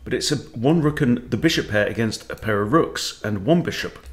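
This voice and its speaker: A man's voice: medium pitch, animated, moderate pace. A man who coaches chess, thinking aloud as he plays and talking to himself with wry asides. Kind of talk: thinking-aloud game commentary.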